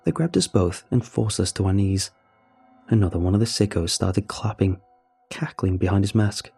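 Somber young man telling a dark horror tale. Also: fairly low pitch, expressive, gravelly, breathy edge. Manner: somber, measured, confessional. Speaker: narrator. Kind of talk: first-person horror story narration. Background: faint music.

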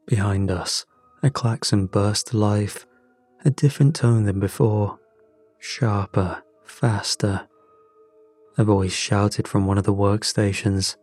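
A man narrating a first-person thriller story in a measured, tense, deliberate way. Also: on the low side, fairly even intonation, a little mellow, no echo. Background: faint music.

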